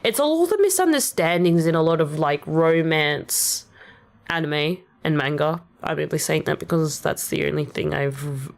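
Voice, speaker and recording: On a rainy day at home, a young VTuber streamer with a general Australian accent chats casually about her rap lyrics, rambling with plenty of fillers. Her voice is low-pitched with lively intonation, a moderate pace, and vocal fry.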